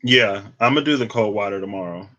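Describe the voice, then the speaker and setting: A man's voice: on the low side, fairly quick, a bit bright, lo-fi sound. A man giving a casual tarot reading to camera. He thinks aloud in a rambling, laid-back way, full of "like" and restarts. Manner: laid-back, laughs at himself. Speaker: tarot reader.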